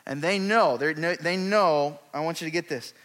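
A man preaching a sermon, retelling scripture in a lively, conversational way with emphatic rises. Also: fairly high pitch, moderate pace.

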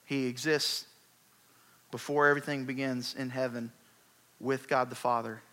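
A man preaching a sermon, retelling scripture in a lively, conversational way with emphatic rises. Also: mid-range voice, normal speed.

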